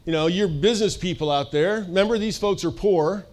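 Chatty high-voiced pastor. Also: male voice, brisk, darkish tone. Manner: chatty, playful, lots of "like" and "you know". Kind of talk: casual, joking sermon.

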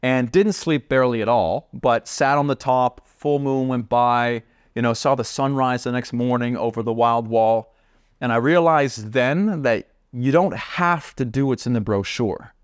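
A man who is a podcast guest, telling a story in an animated, chatty way with lots of asides. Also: mid-range voice, unhurried, clean tone, dry recording, studio quality. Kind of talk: casual storytelling.

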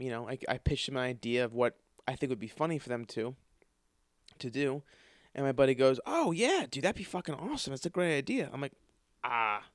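This man's medium-pitched voice is captured in clean studio sound with no echo. He hosts a podcast and delivers a casual comedic monologue of meandering stories, cursing freely and acting out the voices he quotes.

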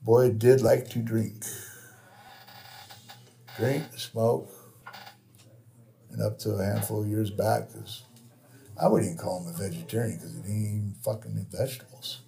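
A tattoo shop owner with a Californian accent, telling stories in casual chat, swearing freely and acting out other people's lines. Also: male voice, on the low side, fairly even intonation, unhurried, vocal fry, pauses often, mellow. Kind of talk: casual storytelling.

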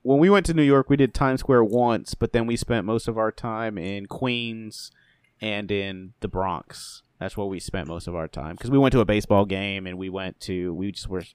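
A man's voice: on the low side, normal speed, clean tone, dry recording. A man hosting a casual chat, joking and swearing as he talks. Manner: joking, swearing, laughs along.

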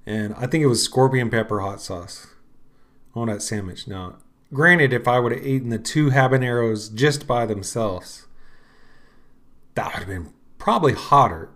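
A man, middle-aged, hosting a podcast and talking casually in a rambling, unhurried way with lots of fillers. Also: mid-range voice, fairly bright tone. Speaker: podcast host. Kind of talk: casual solo talk.

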